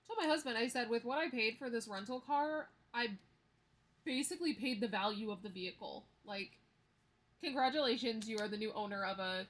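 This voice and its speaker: A woman's voice: on the high side, a bit bright. A woman in her thirties chatting casually to camera as she counts cash, telling stories with easy laughs. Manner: chatty storyteller, counts bills aloud, laughs easily. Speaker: budgeting vlogger.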